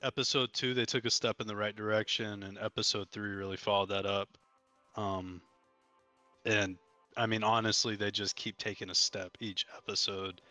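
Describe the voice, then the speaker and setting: A man with a slightly low but bright, forceful voice, chatting as co-host on a casual podcast. He talks directly and agreeably, with faint music behind him. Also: level tone, normal speed, dry recording. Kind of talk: casual chat.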